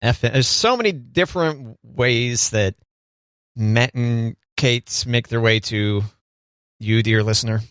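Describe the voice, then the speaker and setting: A man's voice: medium pitch, slow pace, fairly bright tone, clean tone, dry recording. A man co-hosting a radio show, trading jokes and mock-sentimental asides in casual banter.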